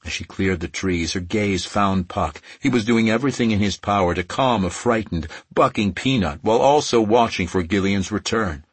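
A man reading romance fiction aloud as an audiobook narrator, in a measured, softly emotive way. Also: on the low side, slightly rough, no room sound.

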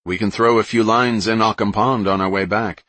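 A man's voice: on the low side, fairly even intonation, normal speed, a bit bright, no room sound, pitched above the performer's own voice. A man reading a blunt, practical young man with a wry manner, in an audiobook.

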